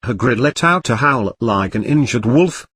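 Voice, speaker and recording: A man narrating a comic parody storybook in an even, plain reading. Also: medium pitch, moderate pace, breathy edge, dry recording.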